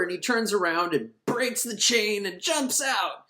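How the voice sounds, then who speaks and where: A man giving a casual, irreverent recap of an animated film, rambling and laughing as he goes. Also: high-pitched, a little slow. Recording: roomy echo.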